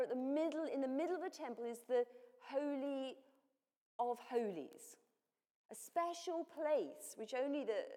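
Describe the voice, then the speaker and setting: A woman's voice: sits high, warm tone. A woman giving a sermon, explaining scripture in a plain teaching manner with frequent self-corrections. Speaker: preacher. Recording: long hall reverb.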